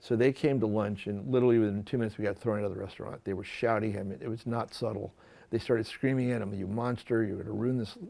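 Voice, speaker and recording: A man's voice: on the low side, steady tone, fast talker, vocal fry, mellow. A man, a photographer, telling a long personal story in a talk, often stopping and repeating words as he acts out dialogue. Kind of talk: storytelling lecture with slides.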